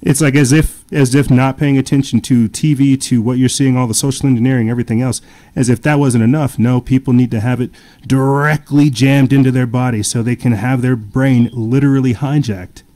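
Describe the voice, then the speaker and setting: A man's voice: mid-range voice, fairly even intonation, brisk, mellow. A man in casual podcast chat, talking in long rambling runs full of fillers and restarts.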